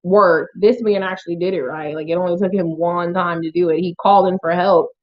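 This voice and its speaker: A woman's voice: on the low side, fairly even intonation, a little fast. Chatty woman telling a birth story. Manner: chatty, emotional, addresses viewers as y'all. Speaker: vlogger. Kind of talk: casual storytelling to camera. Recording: dull lo-fi home video sound.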